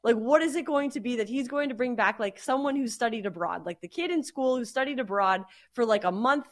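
A woman co-hosting a sports podcast, chatty and animated, laughing easily in casual talk about football and betting. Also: a little high, a little fast.

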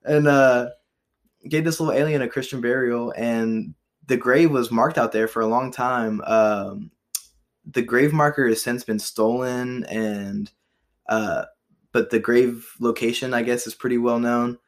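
Young dude hosting a podcast, loose and rambly, swears a lot, lots of um and like. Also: male voice, medium pitch, steady tone, a little slow. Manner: rambling, profane, with frequent fillers and restarts. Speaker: podcast host. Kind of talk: casual chat about history trivia.

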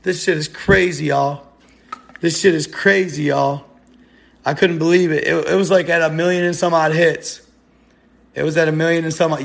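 A young man talking casually to his viewers on a live stream. His voice sits a touch high for a man, and he rambles in heavy slang, often laughing between thoughts. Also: fairly even intonation, normal speed, creaky.

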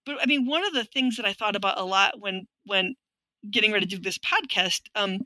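A middle-aged woman talks as a guest in an interview, her voice bright and sharp. She tells her stories frankly and with dry wit. The sound is close and dry, with no room around it. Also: medium pitch, brisk, dry recording, low-quality recording. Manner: frank, wry storytelling that acts out quoted voices. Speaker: guest, linguistics professor. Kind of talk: conversational interview.

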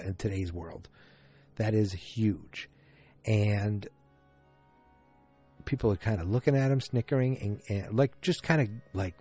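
A man's voice: fairly low pitch, dry recording. Rambling man recapping a TV episode. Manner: rambling, animated retelling with quoted lines. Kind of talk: casual spoken recap.

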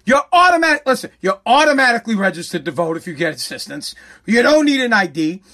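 A political commentator ranting with heavy profanity and sarcasm, swinging between loud mockery and a mock-calm hush. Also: mid-range voice, quick pace.

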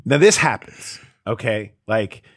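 Deep-voiced man telling a locker-room story. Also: expressive, measured pace, breathy edge, dry recording, clean studio sound. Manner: chatty storyteller, lots of fillers, laughs at his own stories. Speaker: sports beat reporter and podcast co-host. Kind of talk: casual sports podcast chat.

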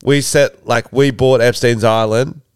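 A man's voice: medium pitch, steady tone, unhurried, clean tone, no echo. A man co-hosting a casual comedy podcast, crude and laughing often, calling people bro. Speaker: podcast co-host.

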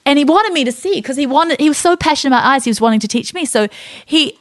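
Woman host, casual storyteller, chatty and animated, close dry mic. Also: high voice, fast, no room sound. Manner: animated, chatty, many fillers and restarts. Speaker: podcast host.

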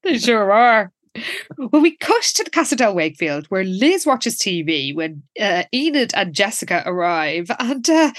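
A woman co-hosting a casual recap chat, calmly narrating the plot with light laughs. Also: medium pitch, a little slow, no echo, studio quality. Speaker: podcast co-host.

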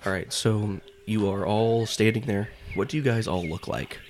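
Low-voiced male game master. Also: moderate pace, a little mellow, slight background noise. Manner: loose, joking, stumbles over words. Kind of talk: narrating a tabletop game.

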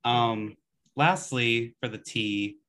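A man's voice: medium pitch, slow pace, sharp tone, clean tone. A man co-hosting a podcast in casual chat, easygoing and often hedging with "I don't know.". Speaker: podcast co-host.

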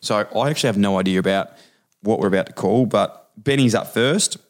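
A man's voice: lowish voice, fairly quick. A young Australian man hosting a casual podcast, upbeat and teasing. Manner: upbeat, teasing, laughs often. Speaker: host.

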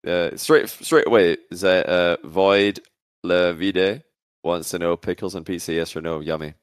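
A man's voice: deep voice, fairly even intonation, measured pace, clean tone, dry recording, clean studio sound. A man hosting a casual panel, reading out questions in a laid-back, teasing way. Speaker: host.

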